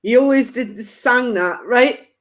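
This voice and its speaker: A woman's voice: fairly high pitch, slow pace. A woman working as a spiritual medium, giving a chatty live-stream psychic reading and passing on spirit messages with playful quoted asides.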